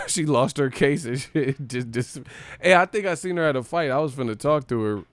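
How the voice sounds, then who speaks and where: A man's voice: mid-range voice, moderate pace, no room sound. A man from the Bay Area hosts a live stream, joking and swearing freely while he riffs casually. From Bay Area, California. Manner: profane, joking, animated.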